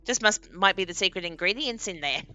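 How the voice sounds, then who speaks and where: A young woman streaming a game and chatting casually, animated and laughing often. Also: medium pitch, brisk, smooth, faint music behind. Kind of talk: casual live-stream chat.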